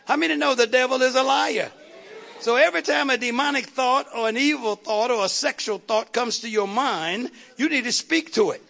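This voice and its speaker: High, gravelly fiery male preacher. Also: normal speed, sharp tone. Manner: call-and-response, repeats words for emphasis. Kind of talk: fiery sermon.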